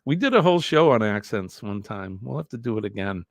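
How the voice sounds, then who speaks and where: A man's voice: lowish voice, sing-song, a little fast, no room sound. Jokey New England man hosting live. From New Hampshire. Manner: jokey, laughs often, chats with viewers. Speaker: live show host. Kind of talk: casual live-stream chat.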